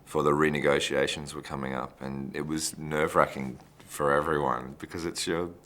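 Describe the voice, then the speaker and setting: A man's voice: very deep voice, level tone, normal speed, bright, forceful tone, slight background noise. A man, an actor telling behind-the-scenes stories in a chatty, rambling way. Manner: chatty, anecdotal, restarts phrases. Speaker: actor interviewee.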